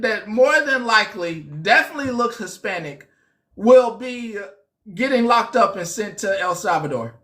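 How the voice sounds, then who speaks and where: A woman hosts a casual live commentary stream with a bright, forceful voice. She lectures and mocks her viewers, drilling each point in by saying it again and again. Her pitch sits in a middling range for a woman. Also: expressive, normal speed. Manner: mocking, preachy, repeats phrases for emphasis. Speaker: host.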